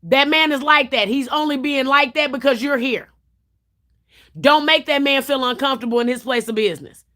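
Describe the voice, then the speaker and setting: High-voiced woman on a livestream, blunt and cussing, telling stories. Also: moderate pace, sharp tone. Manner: blunt, profane, storytelling. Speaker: livestream host. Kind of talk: casual chat on a livestream.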